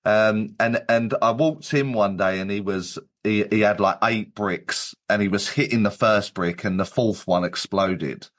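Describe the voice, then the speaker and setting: A man's voice: on the low side, a little slow, few pauses, fairly bright tone. A man, a medium and guest, telling his story in casual chat with many restarts and fillers.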